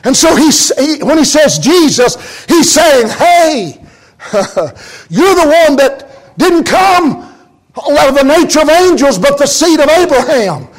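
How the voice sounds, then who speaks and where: A man preaching a fervent sermon, often shouting, with frequent amens and laughs. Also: very high-pitched, big pitch swings, a little slow.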